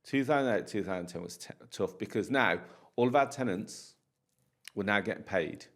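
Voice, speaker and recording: At a moderate pace and on the low side, a landlord from the United Kingdom spins stories in a casual podcast interview. He's animated throughout and plays out the conversations.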